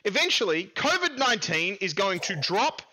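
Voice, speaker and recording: An Australian man co-hosts a casual gaming podcast. His voice sits a little high and sounds bright and forceful. He talks in a loose, playful, bantering way, riffing jokes off his co-host. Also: very animated, normal speed. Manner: playful, bantering, jokey storytelling. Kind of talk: casual chat.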